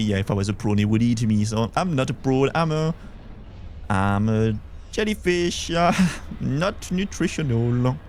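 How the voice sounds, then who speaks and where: Casual gameplay commentary from a young streamer with a Belgian French accent, who chats, thinks out loud, and responds to messages from his chat. His voice is mid-range with a darkish tone, and the recording carries a slight hiss or hum.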